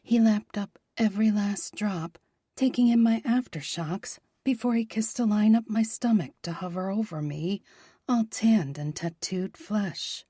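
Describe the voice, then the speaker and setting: A woman narrating a romance audiobook in a soft, breathy, half-whispered voice. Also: medium pitch, a little slow, no room sound, clean studio sound.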